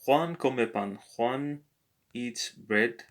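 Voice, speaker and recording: A man tutoring a language lesson, talking slowly and hesitantly with many filler pauses. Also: medium pitch. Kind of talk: screen-recorded app language lesson.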